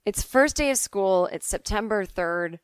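A woman's voice: mid-range voice, animated, a little slow, smooth, no echo, studio quality. A woman in her forties from the Boston suburbs, hosting a podcast and talking candidly and chattily as she answers listener emails. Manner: candid, chatty, swears, laughs easily. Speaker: podcast host.

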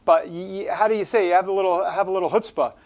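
A man's voice: sits high, fairly even intonation, quick pace, darkish tone. A man hosting a live talk show, joking around in a playful, rambling, self-mocking way.

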